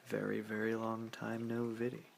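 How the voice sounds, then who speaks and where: A man's voice: on the low side, monotone, moderate pace, creaky, a little hiss or hum. A man voicing a brash eighteen-year-old ex-thug with quaint, theatrical phrasing in whispered role-play.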